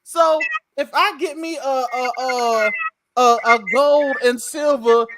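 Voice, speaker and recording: A man's voice: very high voice, steady tone, slow, background noise. A man hosting a podcast, trading jokes in loose, boastful casual banter and laughing often. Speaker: podcast host.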